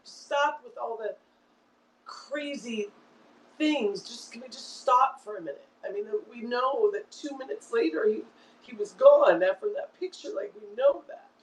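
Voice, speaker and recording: A woman's voice: a little high, expressive, unhurried, echoey room, far from the mic, a little hiss or hum, low-quality recording. A woman in her fifties hosting a livestream, ranting angrily and repeating herself, swearing often. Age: 50s. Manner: angry, repetitive, swearing. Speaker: online show host. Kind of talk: emotional livestream rant.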